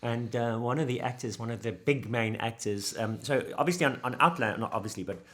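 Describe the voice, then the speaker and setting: A man's voice: mid-range voice, fairly quick. A man who works as a film editor, chatting casually and telling behind-the-scenes stories with lots of fillers. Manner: animated storyteller, acts out quotes, many fillers. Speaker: film editor, podcast guest. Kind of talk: casual chat.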